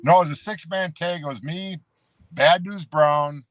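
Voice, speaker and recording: A slightly high-pitched man speaks at a moderate pace, his tone a bit bright and free of echo. As a guest, this one-time pro wrestler rambles casually through road stories, peppering them with "you know" and calling the host "brother."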